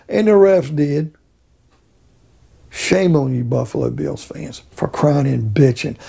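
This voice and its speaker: A middle-aged man delivering blunt, profane sports commentary. His voice is heavily gravelly, dark and mellow. He sounds husky as he rants. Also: a little high. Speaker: sports vlogger host.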